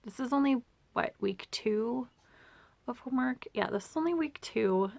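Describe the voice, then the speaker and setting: A woman's voice: on the high side, animated, normal speed, vocal fry, a little mellow, no echo. A woman chatting casually at home in a vlog, rambling and sometimes dropping to a near-whisper. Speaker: vlogger and homeschooling mom.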